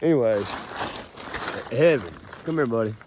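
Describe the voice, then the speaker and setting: A man's voice: medium pitch, animated, moderate pace, background noise. A young man, rambling and swearing as he talks outdoors, calling the listener bro. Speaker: vlogger. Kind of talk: rambling outdoor vlog monologue. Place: outdoors in a rural grassy field.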